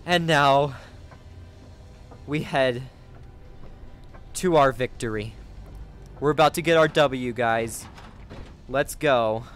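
A man giving let's play commentary as a gaming video creator, excitable, gasping and chatting to his viewers. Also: medium pitch, takes it slowly, long pauses, faint music behind.

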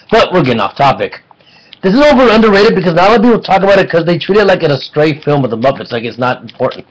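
A man with a slightly raised pitch talks through a casual online review. He rambles eagerly and keeps joking between his points. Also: rough recording. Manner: excitable, rambling, jokey. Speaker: film reviewer.

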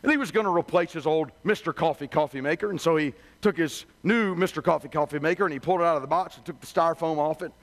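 High-voiced male preacher telling folksy stories. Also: fast, few pauses. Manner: conversational, humorous, repetitive. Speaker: revival preacher. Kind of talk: sermon with folksy storytelling.

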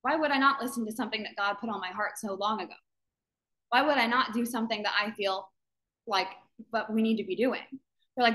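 A woman who founded a business community speaks fervently to its members on a live video call, her fairly high, slightly bright voice moving fairly quickly. She is emphatic, repeats phrases to drive points home, and acts out other people's doubting voices in quotes.

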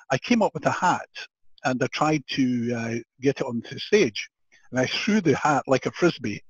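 An older man from Scotland with a Scottish accent, a podcast guest telling an animated story with frequent laughter and restarted sentences. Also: mid-range voice, breathy edge, no echo. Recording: dull, dry lo-fi audio.

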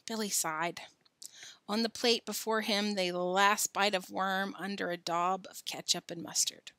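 Bright-voiced woman reading a storybook. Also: mid-range voice, dry recording. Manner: expressive, unhurried storytelling with casual asides. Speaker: storybook reader. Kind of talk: reading a children's novel aloud.

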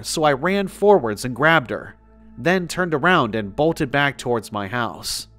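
A man narrating a first-person scary story in a measured, steady storytelling voice, reading it as a scripted tale. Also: mid-range voice. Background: faint background music.

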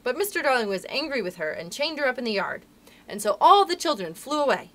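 A librarian reading a storybook aloud to children in a friendly, expressive way. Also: female voice, high-pitched, quick pace.

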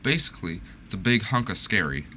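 A man's voice: lowish voice, animated, a little fast, sharp tone, slight background noise. A young man streaming gameplay, talking to the game in a panicky, self-mocking way as things go wrong. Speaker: gaming streamer. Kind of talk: live gameplay commentary.

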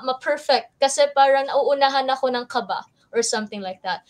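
A woman's voice: sits high, brisk. A woman with a Filipino accent co-hosting a lesson, explaining things in a friendly way and reading viewer comments. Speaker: teacher co-host. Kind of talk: taglish lesson discussion.

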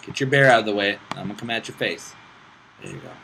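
Hosting his gaming channel, a man gives casual gameplay commentary, frustrated, swearing and muttering at the game. His gravelly voice is on the low side, fast, with wildly swooping pitch. It's a noisy home recording with clicks, made in a hot room at home.

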